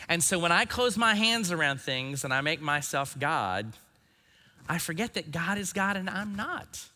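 A man in his forties preaching a sermon, earnest and reflective, letting his phrase ends fall soft. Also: a little high. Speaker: pastor. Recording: long hall reverb.

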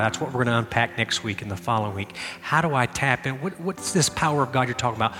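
A middle-aged man preaches a sermon in a church sanctuary, his voice very bright and ringing. The room carries a long echo, with faint music underneath. He moves from animated storytelling to hushed prayer. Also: mid-range voice, quick pace. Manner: animated storytelling, shouting in reenactments, dropping to quiet prayer. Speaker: pastor.

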